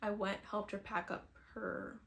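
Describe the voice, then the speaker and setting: A woman's voice: mid-range voice, level tone, unhurried, vocal fry, a bit bright. A young woman chatting casually to camera, telling a personal faith story and acting out her own past thoughts. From New England, US. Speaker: vlogger sharing a faith testimony.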